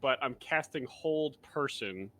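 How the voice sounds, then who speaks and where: A man playing a tabletop game, explaining his character's moves in a halting way with many fillers. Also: mid-range voice, lively intonation, sharp tone. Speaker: player.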